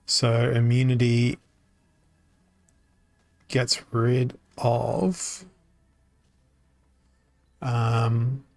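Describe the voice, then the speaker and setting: A man streaming a card game, thinking aloud in a halting, self-mocking way, his voice tired and worn from talking. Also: mid-range voice, flat delivery, gravelly, darkish tone, no room sound. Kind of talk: casual live-stream commentary.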